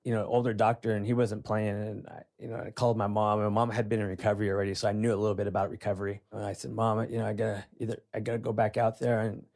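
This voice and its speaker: A man in his forties tells a personal story in a plain, unpolished way, his voice sitting a little low. He leans on "you know" as he goes, and emotion pushes close to tears at points. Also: flat delivery, quick pace, creaky, hardly any pauses, darkish tone. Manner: plain-spoken, with frequent "you know" fillers. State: emotional, near tears at times. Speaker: podcast guest.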